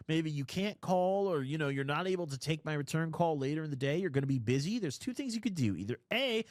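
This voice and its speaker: A man in his twenties hosting a call-in stream, telling a crude story in a rambling, animated way. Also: on the high side, no room sound, clean studio sound. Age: 20s. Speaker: call-in show host. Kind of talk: casual storytelling.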